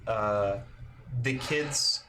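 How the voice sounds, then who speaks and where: Halting, easygoing male game master. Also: lowish voice, a little hiss or hum. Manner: relaxed, halting narration with fillers. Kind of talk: narrating a tabletop game.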